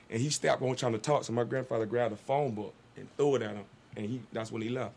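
A guest on a radio program, this man rattles through a long, casual story fast and with few pauses, voicing the people he quotes in an animated way. His voice is mid-range.

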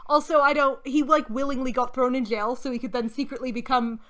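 A woman's voice: high-pitched, steady tone, a little fast. A young woman hosting a casual reaction commentary, chatty and giggly with a sarcastic edge. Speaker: host.

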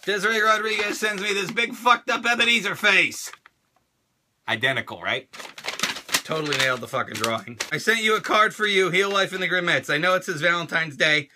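A middle-aged man hosting a toy show, unboxing fan mail with a loud, crude, joking manner and quick silly voices. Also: fairly high pitch, slight background noise.

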